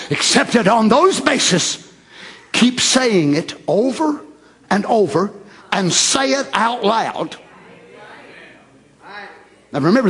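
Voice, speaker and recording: A man preaching a fervent sermon, repeating phrases and rising to shouts. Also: high voice, slightly rough.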